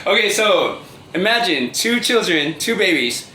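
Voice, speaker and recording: A man telling a personal story in a casual, halting way, full of restarts and fillers and often breaking into laughter. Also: fairly high pitch, expressive, sharp tone. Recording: echoey room with faint ambient noise.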